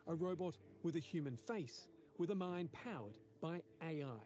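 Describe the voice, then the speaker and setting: A man reading a scripted news voice-over in an even, measured way. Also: on the high side. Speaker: news narrator. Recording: dull lo-fi audio with faint music.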